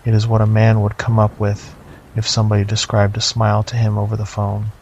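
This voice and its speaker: A middle-aged man narrating a first-person horror story in a slow, measured, deadpan way. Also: fairly low pitch, creaky. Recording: slightly dull lo-fi, faint noise.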